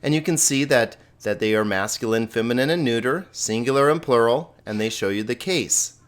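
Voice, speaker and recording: A man's voice: medium pitch, moderate pace. A man teaching a grammar lesson, patient and explanatory, often repeating words as he restarts his sentences. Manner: holds a cat while teaching. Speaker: Greek teacher.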